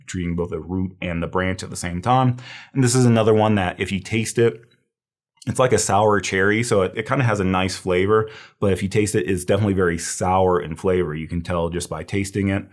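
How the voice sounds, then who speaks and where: A man lecturing on herbal medicine in a casual, thinking-aloud way, with fillers and restarts. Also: deep voice. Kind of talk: recorded review lecture.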